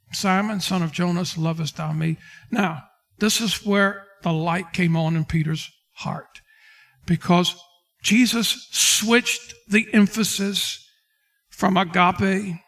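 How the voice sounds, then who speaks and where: Man pastor, high-pitched, preaching a sermon and acting out scripture scenes. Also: fairly bright tone. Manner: preaching with King James quotes and dramatic retellings.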